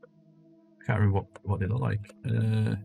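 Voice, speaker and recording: A man's voice: fairly low pitch, steady tone, normal speed, vocal fry, mellow, soft background music. Chatty man streaming a game. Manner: chatty, thinking aloud while typing. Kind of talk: casual live game commentary.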